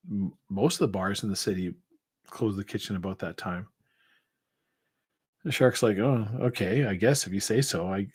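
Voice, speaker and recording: A man's voice: lowish voice, a little mellow, slightly rough. A man co-hosting a casual live show, telling a long joke with many fillers and restarts. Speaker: co-host. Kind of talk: casual chat.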